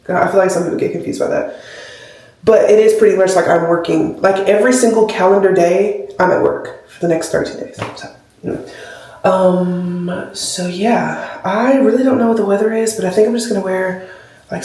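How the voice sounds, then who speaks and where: A woman's voice: medium pitch, warm tone, breathy edge, dry recording, rough recording. A woman talking casually to the camera in a vlog, full of fillers, recorded in a car. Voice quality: chatty, many fillers like "like" and "um". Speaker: vlogger.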